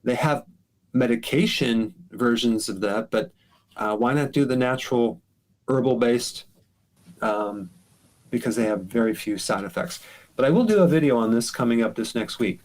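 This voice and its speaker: A middle-aged man hosting a live show, answering callers' health questions in a relaxed, explanatory way with many fillers. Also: medium pitch, normal speed. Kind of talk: casual live Q&A advice.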